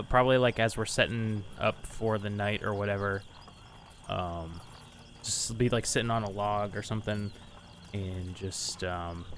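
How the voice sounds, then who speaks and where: A man playing a tabletop game, speaking in an unhurried, halting way. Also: fairly low pitch, a bit bright, a little hiss or hum. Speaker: player.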